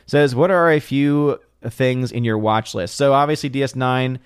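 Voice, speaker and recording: Male live-stream host, middle pitch, chatty and loose, dry close sound. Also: normal speed, smooth, no echo. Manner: chatty, thinks aloud with restarts and small laughs. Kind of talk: casual live stream chat.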